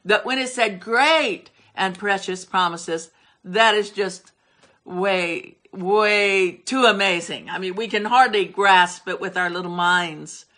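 A woman's voice: mid-range voice, takes it slowly, sharp tone. An older woman preaching a sermon, emphatic and repetitive as she drives her points home. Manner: emphatic, repeats words for stress.

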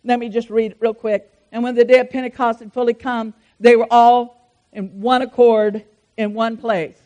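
High-voiced fervent woman preacher. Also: flat delivery, moderate pace. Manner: fervent, swings between loud declarations and soft asides. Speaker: pastor. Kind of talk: sermon.

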